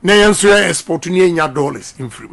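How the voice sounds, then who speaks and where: Delivering a campaign speech, a middle-aged Ghanaian-accented politician speaks forcefully and emphatically, repeating key lines so they land with the crowd. His voice sits noticeably high for a man, with lively intonation, vocal fry, and a fairly quick pace.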